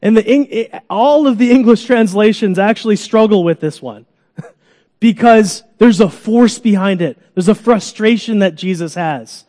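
A man preaching a sermon to a congregation in a church, animated, acting out groans and cries, coaxing children up for an illustration. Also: high voice, measured pace, big-room sound. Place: church sanctuary.

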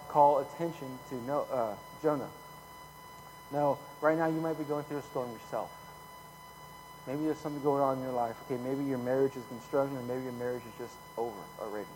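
A man preaching a casual, conversational sermon full of slang, growing louder when he reads scripture. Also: mid-range voice. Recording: hall reverb, faint hum.

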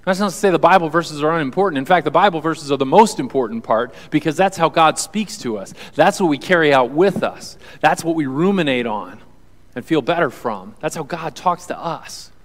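A man's voice: on the high side, lively intonation, fairly quick, big-room sound. A male pastor preaching a sermon to a congregation in an earnest, conversational way. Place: church hall with audience.

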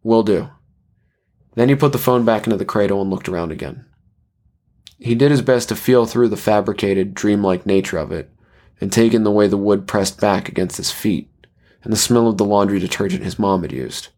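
A man narrating a scripted horror story in a measured way. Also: on the low side, darkish tone.

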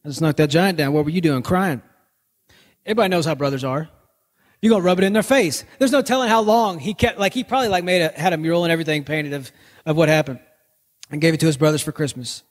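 A man preaches in an easygoing, humorous way, spinning everyday stories into his message. His voice sits high for a man. The sound rings with a long reverb, as if in a large hall. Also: fast. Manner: joking, storytelling preacher. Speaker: pastor. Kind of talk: conversational sermon podcast.

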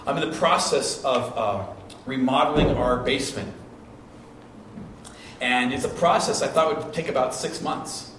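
A man preaches a sermon as pastor in a mid-range, unhurried, slightly bright voice, telling stories conversationally with restarts and repeated phrases. The recording is echoey, taken from a distance in a hall, with faint noise.

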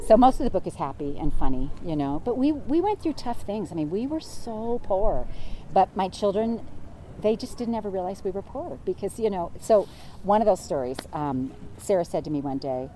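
A middle-aged woman, a guest author, chatting in an interview as a lively, jokey storyteller. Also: mid-range voice, moderate pace, slight background noise, low-quality recording. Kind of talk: casual interview chat.

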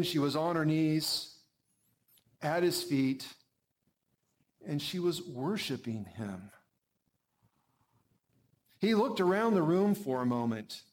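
High-voiced man preaching in character. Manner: storytelling, animated, drops to hushed. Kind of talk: first-person dramatic sermon monologue.

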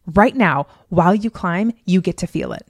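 A woman's voice: lowish voice, normal speed, slightly rough, no echo. A woman hosting a solo motivational podcast, talking candidly and emphatically, swearing freely and laughing often as she tells stories. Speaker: podcast host.

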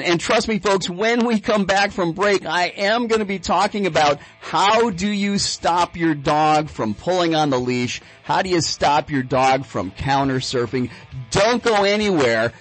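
A man hosting a radio talk show about dogs, telling a rambling, lively story with frequent restarts. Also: on the high side. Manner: lively, rambling anecdote with repeated words. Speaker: radio show host and dog trainer.

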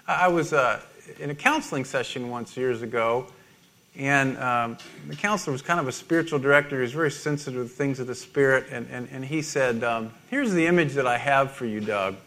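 Male pastor, middle-aged, sermon, halting restarts, self-deprecating. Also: mid-range voice, pushed and bright.

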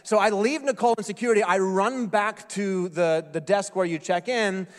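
A man's voice: high-pitched, normal speed. A man preaching a sermon as a pastor, telling stories with wry, self-deprecating humor. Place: church sanctuary. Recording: echoey hall with long reverb.

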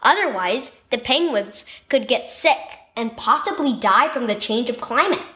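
A woman's voice: fairly high pitch, lively intonation, unhurried, pushed and bright. A woman voicing a zoo guide in a children's storybook devotional, explaining plainly. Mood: serious.

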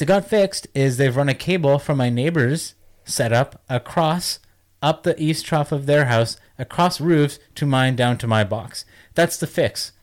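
Fired-up man ranting on a podcast. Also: mid-range voice. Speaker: podcast co-host. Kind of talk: casual podcast chat.

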